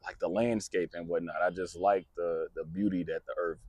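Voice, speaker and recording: Low-voiced male podcast host, loose and rambling, dry studio sound. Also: steady tone, moderate pace, darkish tone, dry recording. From United States. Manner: rambling, many restarts, laughs at own jokes. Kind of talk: casual chat.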